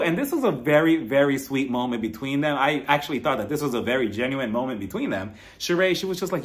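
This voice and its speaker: A man recapping a reality show in a casual commentary. His voice sits fairly high and swings widely as he tells the story and acts out the quotes. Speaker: TV show reviewer.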